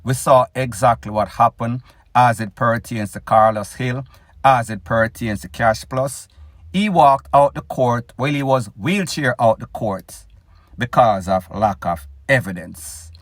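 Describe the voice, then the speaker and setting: A Jamaican man hosting a news commentary show, speaking slowly and deliberately with an opinionated edge. He talks straight to his listeners. His voice is dry and close to the mic, with no room sound. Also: medium pitch, no room sound. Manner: opinionated, addresses listeners as "people". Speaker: news blogger host.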